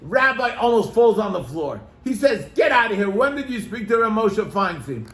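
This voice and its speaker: A man's voice: high-pitched, moderate pace, echoey room. A man, a rabbi, telling a story to his congregation, acting out the people in it. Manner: animated, acts out quoted voices.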